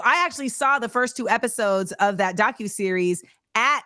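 A woman hosting a talk show in casual chat, animated, laughing and slipping into slang. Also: fairly high pitch, normal speed, no room sound, clean studio sound. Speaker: host.

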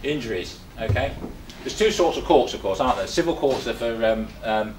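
A man's voice: medium pitch, expressive, a little fast, a little mellow, reverberant, slight background noise, rough recording. An older man from England giving a chatty talk to a small group, full of rhetorical questions and restarts. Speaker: presenter. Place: meeting room.

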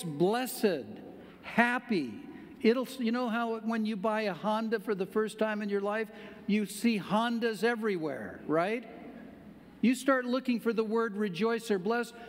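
An older pastor with a high-pitched voice preaches a sermon in a church sanctuary, where a long reverb tail follows his words. His style is conversational and emphatic, and he puts questions to the congregation.

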